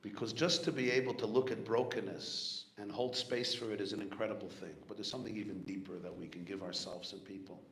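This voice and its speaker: Earnest rabbi telling a story in an echoey hall. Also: male voice, lowish voice, fairly even intonation, fairly quick, few pauses. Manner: earnest, reflective storytelling with soft spoken asides. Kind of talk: storytelling sermon at a farbrengen. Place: community hall gathering. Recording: echoey room, faint background noise.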